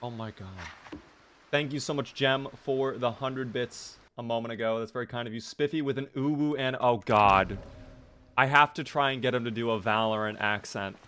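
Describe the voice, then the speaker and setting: Young male streamer, mid-range voice, quick to react and chatty with his viewers. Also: medium pitch, clear, resonant tone. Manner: excitable, reactive, thanks viewers often. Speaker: game streamer. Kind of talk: live gameplay commentary.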